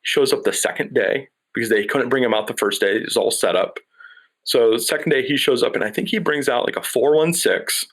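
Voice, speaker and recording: A man in his thirties, a production sound mixer, telling a career story in a casual interview with an animated, anecdotal manner. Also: medium pitch, fairly quick. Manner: lively anecdotal storyteller, acts out dialogue.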